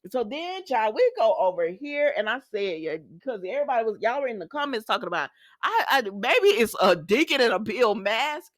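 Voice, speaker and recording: A woman chatting casually to her viewers as a soap opera recap vlogger, lively and talking straight to them. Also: fairly high pitch, brisk, dry recording, clean studio sound.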